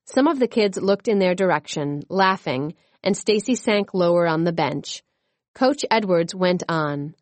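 A woman narrating a children's chapter book in a clear, expressive reading. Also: fairly low pitch, a little slow, no echo. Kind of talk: storybook narration.

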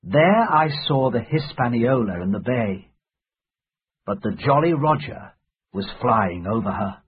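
A man with a husky, breathy voice reads an adventure story aloud at an unhurried pace. His pitch moves a lot, lifting and dropping through the sentences. The sound is thin and tinny, like a phone recording. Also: big pitch swings. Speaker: narrator. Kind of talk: scripted storybook narration.

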